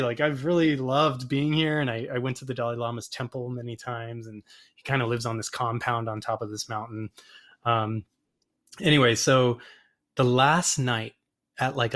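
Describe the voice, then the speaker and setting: Male guest, animated rambling storyteller, average pitch, heard over a video call. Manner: animated, rambling, acts out quoted voices. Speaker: photographer and podcast guest. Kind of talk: casual storytelling interview.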